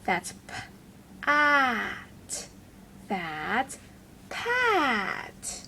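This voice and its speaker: A woman leads a children's phonics lesson at a very slow, careful pace, stretching out each letter sound. Her voice is bright and swoops up and down with lots of melody as she encourages the little ones and chats to a puppet helper. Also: sits high, huge pitch swings, a little hiss or hum. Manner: sounds out letters one at a time, drawn-out and encouraging.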